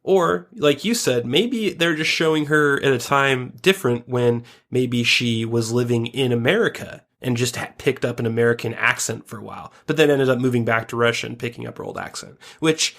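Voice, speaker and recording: A man co-hosting a podcast in a relaxed, crude and joking way, mid-pitched and chatty. He muses aloud and talks himself through his own theories. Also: normal speed, few pauses. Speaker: podcast co-host. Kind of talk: casual podcast chat.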